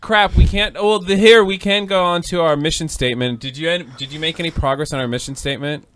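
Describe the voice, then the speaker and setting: A young man co-hosts a casual comedy podcast, telling stories with animation and acting out the voices of the people in them. He talks briskly with few pauses at a fairly high pitch, and a little hiss or hum can be heard.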